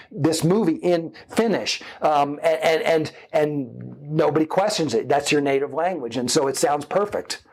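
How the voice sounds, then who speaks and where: Middle-aged man, fairly high voice, rambling, chatty advice-giving guest. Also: darkish tone. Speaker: guest filmmaker. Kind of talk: casual interview chat.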